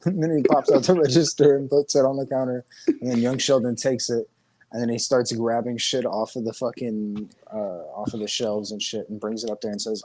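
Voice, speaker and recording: Male podcast co-host, mid-pitched, rambling and profane, casual. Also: flat delivery, fairly quick, dark tone, dry recording, rough recording. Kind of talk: casual chat.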